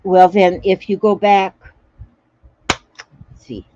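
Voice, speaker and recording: A woman's voice: mid-range voice, slow, mellow, dull audio, slight background noise. A woman chatting casually through a crafting livestream, repeating little phrases to herself as she works. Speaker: craft vlogger reading live comments.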